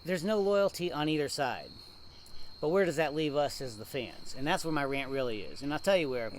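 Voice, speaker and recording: A man co-hosting a casual local football show, ranting and telling stories with animated laughs. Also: a little high, fairly quick, slight background noise. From Ohio, USA. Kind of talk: casual rant.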